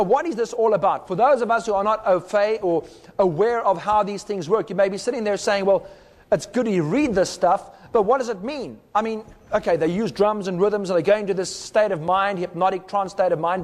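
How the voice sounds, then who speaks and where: A man's voice: high-pitched, in a large hall. A man giving a recorded teaching talk, explaining step by step and sounding out rhythms with his voice. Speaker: speaker.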